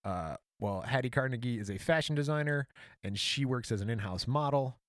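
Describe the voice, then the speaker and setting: A man's voice: medium pitch, lively intonation, a little fast, no room sound, clean studio sound. A man in his thirties hosting a podcast, reading history notes aloud in a casual, jokey way. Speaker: podcast host. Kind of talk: casual storytelling chat.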